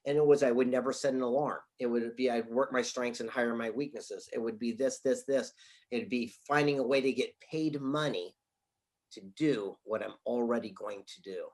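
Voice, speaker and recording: In a darkish, medium-pitched voice at a moderate pace, a middle-aged man tells stories as an interview guest. He's an author and speaker, and now and then he laughs through the punchlines.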